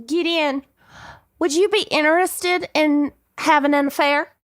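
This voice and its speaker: A woman's voice: high-pitched, steady tone, a little slow, pitched above the performer's own voice. A woman voicing a flirtatious Texan church lady with a sweet, coy drawl in a comic cold read.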